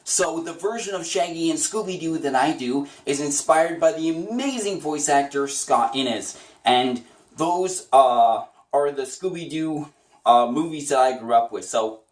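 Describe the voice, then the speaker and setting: A man's voice: on the high side, measured pace, far from the mic. A man teaching voice impressions in a casual, chatty tutorial, upbeat and often laughing. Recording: roomy echo, away from the mic.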